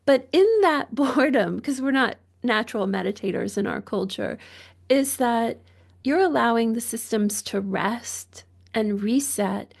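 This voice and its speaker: Gravelly-voiced woman, thoughtful and searching. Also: fairly high pitch, unhurried. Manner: thoughtful, searching, with frequent restarts and soft laughs. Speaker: guest, physician. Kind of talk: reflective podcast conversation.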